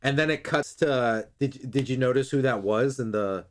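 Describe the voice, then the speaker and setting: At a moderate pace and medium pitch, this man chats casually about an anime episode, peppering his recap with profanity and voicing the characters' dialogue himself.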